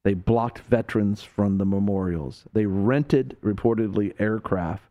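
A man's voice: fairly low pitch, a little slow, muffled recording. A man hosting a Christian talk radio show, speaking in a preacherly way that rises to emphatic peaks.

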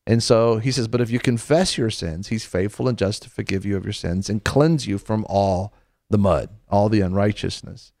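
A man with a fairly low voice preaches in a relaxed, conversational way as the host of a Christian show. He tells stories, quotes scripture and repeats phrases for emphasis, and his voice sounds close and dry with no room echo. He ends by leading a prayer.

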